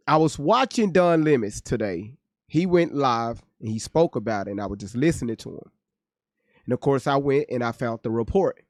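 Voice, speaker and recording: A man's voice: medium pitch, expressive, moderate pace, pauses often, no room sound, clean studio sound. A man hosting a casual livestream, joking and cursing as he reads viewers' chat aloud. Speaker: livestream host reacting to news.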